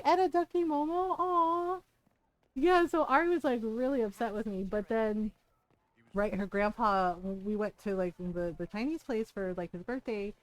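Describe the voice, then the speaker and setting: High-voiced woman streamer telling rambling stories. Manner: chatty, rambling, laughs through her stories. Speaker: game streamer. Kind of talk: casual storytelling while streaming a game.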